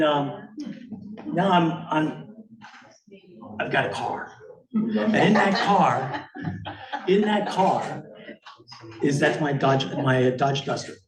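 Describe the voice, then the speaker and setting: A man's voice: fairly high pitch, unhurried, pauses often. A man in his sixties, from Miami, giving a casual rambling talk with slides to an audience, full of fillers and chuckles. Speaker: guest speaker, photographer. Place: meeting hall with audience. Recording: echoey hall from far off.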